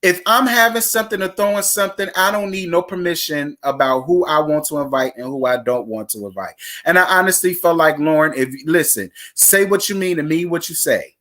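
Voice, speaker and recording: A host recapping reality TV episodes in casual commentary, blunt and profane, talking straight to the viewers with sudden jumps in pitch and speed. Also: brisk, hardly any pauses, fairly bright tone. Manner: blunt, profane and opinionated, addressing viewers directly.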